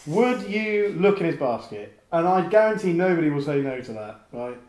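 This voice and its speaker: A man's voice: fairly high pitch, big pitch swings, normal speed, a little mellow, reverberant. A man telling a story in a casual chat, hesitant and rambling with many ums.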